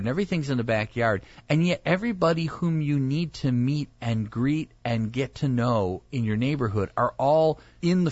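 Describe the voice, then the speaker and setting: A man's voice: medium pitch, no room sound, dull audio. A male pastor chatting casually, telling stories and acting out the people in them. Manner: animated storyteller, acts out quoted voices. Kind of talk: casual chat.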